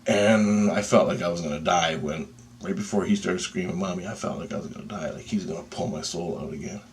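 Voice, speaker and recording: A man telling a personal story in a casual, excitable and profane way, with pauses and restarts. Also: low voice, a little hiss or hum.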